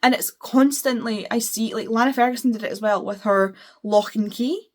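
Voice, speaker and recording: A young Scottish woman with a Scottish accent, chatting casually as a book vlogger and ranting in an animated, exasperated way. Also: on the high side, normal speed. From Scotland. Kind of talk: casual chat.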